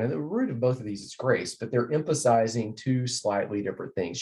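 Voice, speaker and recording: A man's voice: medium pitch, expressive, normal speed, few pauses, darkish tone. A man teaching a recorded Bible lesson, explaining verses earnestly and repeating key phrases as he walks through slides.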